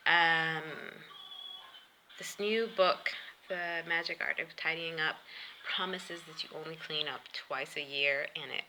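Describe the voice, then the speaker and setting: A woman's voice: lowish voice, pushed and bright, slight background noise, rough recording. A woman chatting casually as she walks through her house, rambling and laughing often. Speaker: vlogger. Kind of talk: casual home tour vlog. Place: house, indoors.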